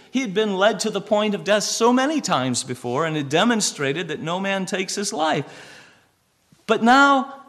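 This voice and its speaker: A man preaching a sermon, reading scripture slowly and swinging between a hushed voice and raised, emphatic lines. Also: a little high. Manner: reads scripture aloud with slow emphasis.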